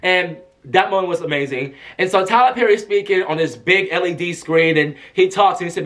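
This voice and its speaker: Excitable high-voiced man telling a story. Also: a little fast, hardly any pauses. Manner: excited, animated storytelling with bursts of shouting. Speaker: vlogger. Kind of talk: casual storytime vlog.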